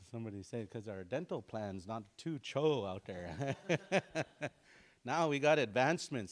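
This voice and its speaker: A middle-aged man teaching a relaxed language class, joking and repeating words slowly for practice. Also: mid-range voice. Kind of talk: casual online language lesson.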